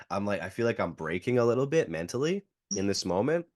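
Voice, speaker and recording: A man's voice: fairly low pitch, very animated, fairly quick, darkish tone, no echo, clean studio sound. A man in his thirties, a jiu-jitsu coach and podcast guest, telling a story casually with lots of "like" fillers. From Canada. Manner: filler-heavy, acts out quotes.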